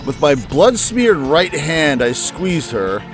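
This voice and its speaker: A man's voice: a little high, very animated, takes it slowly, music in the background. A man reading a wounded young man's first-person narration aloud from a visual novel, in a plain, lightly dramatic way.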